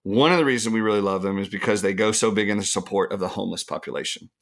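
Emphatic, bright-toned middle-aged man. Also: lowish voice, rapid-fire, gravelly. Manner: enthusiastic, emphatic, plays up words. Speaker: podcast co-host. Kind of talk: casual gift-guide chat.

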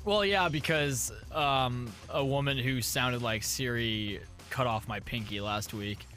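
Bright-voiced man spinning deadpan tall tales. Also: medium pitch, unhurried, faint music behind. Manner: rambling, deadpan absurd storytelling. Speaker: podcast host. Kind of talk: casual advice podcast banter.

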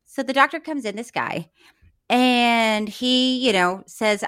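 A woman's voice: a little high, takes it slowly, a bit bright, clear, resonant tone. A woman co-hosting a podcast, telling a story in casual chat, acting out the quotes and laughing often. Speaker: podcast co-host.

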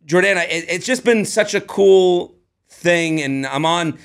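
A man in his thirties co-hosts a podcast and talks in an eager, rambling way, tripping over his own restarts. His voice sits high for a man, with a gravelly rasp underneath. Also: a little slow. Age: 30s. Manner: excitable, rambling, restarts often. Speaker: podcast co-host and comedian. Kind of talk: casual chat.

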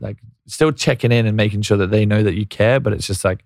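A man's voice: on the low side, steady tone, fast, creaky, no room sound, clean studio sound. A young man with an Australian accent, chatting casually as a podcast guest, filling his talk with "like". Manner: laid-back, lots of "like" fillers. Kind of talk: casual chat.

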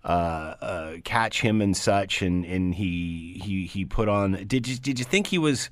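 A man's voice: deep voice, animated, a little slow. A man hosting a radio interview, asking conversational questions with some stumbles. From Canada. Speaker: radio talk show host.

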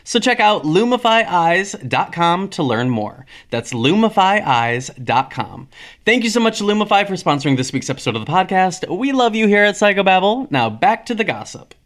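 A man hosting a podcast with casual gossip chat and ad reads, talking in an animated, giggly, theatrical way. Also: sits high, moderate pace. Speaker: podcast host.

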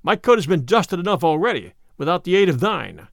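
Proud outlaw chief in a storybook, read by a man, hearty old-fashioned talk, raised lively pitch. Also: brisk, vocal fry, no room sound, studio quality, exaggerated voice. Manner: hearty, archaic speech. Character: proud bruised male outlaw leader.

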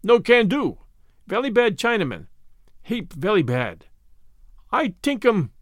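A man's voice: high-pitched, big pitch swings, a little slow, no echo, dull audio, pitched above the performer's own voice. A man putting on a sly wheedling boat prisoner. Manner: broken pidgin English, wheedling. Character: sly scheming male boat prisoner, pidgin talk.

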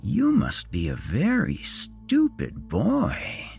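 Man putting on a creepy jolly kidnapper, higher voice, slow, swings to hissing whispers, faint music behind. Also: wildly swooping pitch, vocal fry, full character voice. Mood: hissing menace. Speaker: storyteller. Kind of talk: horror story narration.

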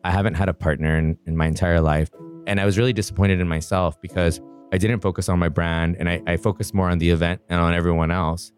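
A man earnestly recounting a personal story in an interview, reflective and quick-flowing. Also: low voice, steady tone, soft background music.

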